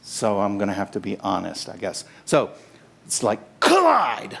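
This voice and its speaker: A middle-aged man giving a casual, halting sermon and prayer in church, joking with the congregation. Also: lowish voice, fairly even intonation, creaky. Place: church sanctuary.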